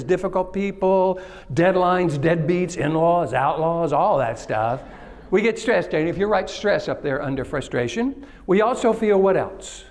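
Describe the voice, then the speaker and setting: A man from Texas giving an interactive conference keynote, joking with the audience and asking them questions. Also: high voice. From Kilgore, Texas. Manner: engages the audience, jokes and asks questions. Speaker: keynote speaker. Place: conference stage.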